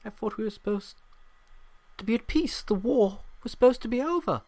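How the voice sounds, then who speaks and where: A man's voice: sits high, expressive, normal speed, a little mellow, pitched above the performer's own voice. A man voicing an earnest young princess in a game, with a pleading, indignant delivery.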